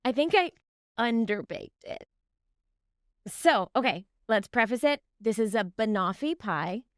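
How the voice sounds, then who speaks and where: A high-voiced woman hosting a casual podcast chat, her pitch leaping all over as she laughs at her own baking mishaps. She is close on a dry studio mic with no room sound. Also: a little slow, dry recording. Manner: animated, giggly, self-deprecating. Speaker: podcast co-host, baker.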